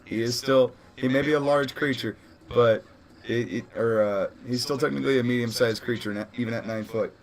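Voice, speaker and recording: A man's voice: medium pitch, steady tone, brisk, a little hiss or hum. A man running a tabletop role-playing session as game master, casual and laughing, often correcting himself.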